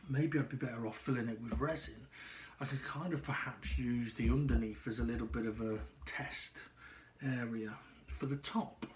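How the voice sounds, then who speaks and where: Man vlogging at home, out of breath, stop-start delivery full of ums, mid pitch. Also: background noise. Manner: halting, pausing often with ums and restarts. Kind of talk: casual personal video diary.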